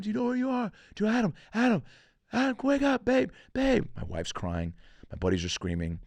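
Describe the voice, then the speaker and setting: Deep-voiced man telling a wild story. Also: no echo, clean studio sound. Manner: animated, profane storytelling with acted-out quotes. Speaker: comedian podcast host. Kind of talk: casual storytelling.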